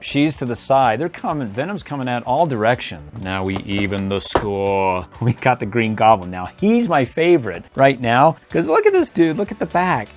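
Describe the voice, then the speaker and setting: A middle-aged man hosting a casual toy review, playful and chuckling, making little sound effects as he poses figures. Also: medium pitch. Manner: playful, chuckling, makes sound effects while posing toys.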